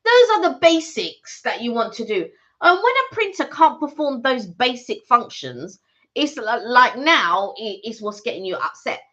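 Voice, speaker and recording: Lively bright-voiced woman chatting on stream. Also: a little high, moderate pace. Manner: animated, earnest explaining. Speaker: channel co-host. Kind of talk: casual live-stream chat.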